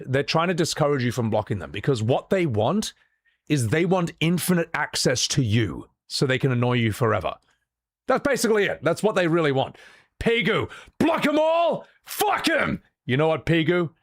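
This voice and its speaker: A man's voice: medium pitch, lively intonation, moderate pace, dry recording, clean studio sound. A man streaming live, chatting casually with his viewers, blunt and profane as he vents his exasperation, often restarting his sentences. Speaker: livestreamer. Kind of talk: casual livestream chat.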